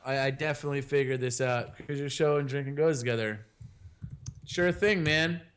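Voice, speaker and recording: A man's voice: medium pitch, normal speed, fairly bright tone. A young man co-hosting a podcast, talking in loose, joking banter. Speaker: podcast co-host. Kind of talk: casual chat.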